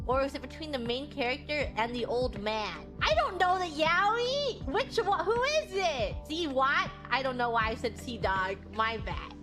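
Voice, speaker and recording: A woman streamer chatting casually, rambling and giggling often. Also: high voice. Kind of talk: casual chat.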